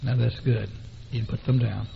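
A man's voice: medium pitch, moderate pace, creaky, slight background noise. A man preaching a sermon, telling stories with animation and calling on the congregation. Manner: animated storytelling, calls on the congregation. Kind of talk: sermon with anecdotes. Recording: dull lo-fi recording.

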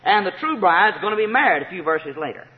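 A man preaching a sermon, emphatic and repetitive, rising to shouted praise. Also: high voice, very animated, quick pace. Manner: emphatic, repeats key phrases, rises to shouts of praise. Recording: tinny phone-like sound with long hall reverb.

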